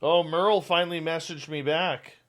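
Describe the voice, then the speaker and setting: A man's voice: fairly high pitch, steady tone, normal speed. A man hosting a talk radio show, breezy and jokey, greeting chat viewers.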